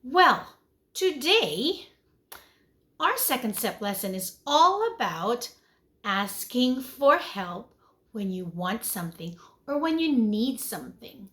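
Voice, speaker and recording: Slow, animated preschool teacher woman. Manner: animated, sing-song, big swings in pitch and loudness; asks the children many questions. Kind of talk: online lesson for young children.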